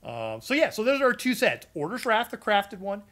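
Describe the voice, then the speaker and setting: A gaming streamer walks his live chat through a character build, loose and chatty with plenty of ums and uhs. He has a high, a bit bright voice, very animated, at a normal speed.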